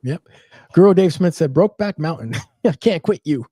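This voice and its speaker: Dark-voiced man reading comments, off-mic. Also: fairly high pitch, animated, moderate pace, no room sound, studio quality. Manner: reads comments out, then adds short reactions. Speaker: podcast host reading viewer comments. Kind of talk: casual chat.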